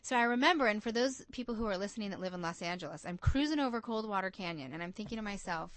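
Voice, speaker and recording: Woman, American, lively interview storyteller, acts out quotes, dry close sound. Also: medium pitch, rapid-fire, no room sound. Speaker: guest, coach and entrepreneur.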